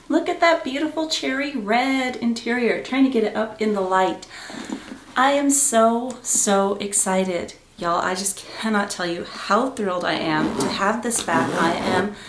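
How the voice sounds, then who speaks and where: A middle-aged woman talks through an unboxing in a chatty, excitable way. Her voice sits at a medium pitch. The sound is roomy, recorded in a room at home with noticeable echo. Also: a little hiss or hum. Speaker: vlogger. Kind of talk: casual unboxing vlog.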